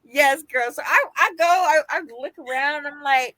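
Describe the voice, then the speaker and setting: A woman from Las Vegas co-hosting a podcast, telling a story in casual chat, animated and laughing as she quotes the people in it. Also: high voice, moderate pace, no echo. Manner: animated, laughing, quoting others in her story. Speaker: podcast co-host.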